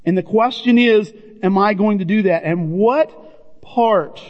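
A man with a high voice delivers an earnest sermon, calling his listeners "guys" as he talks to them directly. His words carry a long reverb from a church hall, heard through a muffled, lo-fi recording. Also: slow pace. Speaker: pastor. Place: church sanctuary. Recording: dull, reverberant hall sound.

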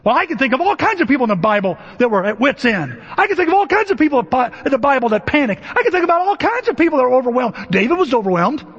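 A man with a very high, husky voice delivers a sermon in an easy, joking tone and slips into the voices of Bible figures as he goes. His pitch leaps around freely. The recording is dull and muffled, with a long reverb from a large church. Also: very animated, fairly bright tone. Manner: conversational and humorous, acting out Bible figures in quick asides. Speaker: pastor. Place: church sanctuary.

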